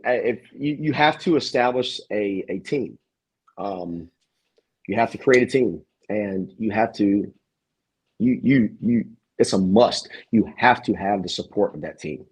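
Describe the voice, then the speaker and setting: A man who owns a gym, talking earnestly in a casual interview, reflective and halting with frequent restarts. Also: on the low side, breathy edge. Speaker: gym owner.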